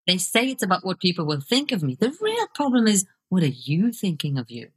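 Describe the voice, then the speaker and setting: Low, husky-voiced woman coach. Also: very animated, a little fast. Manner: reflective, earnest, laughs easily. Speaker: guest, video coach and author. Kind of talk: podcast interview.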